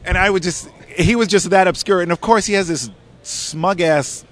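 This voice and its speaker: A man's voice: high voice, moderate pace. A man, a comic book artist, telling stories in a casual interview, acting out quotes and laughing often. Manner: animated anecdotes, acts out quotes, laughs often.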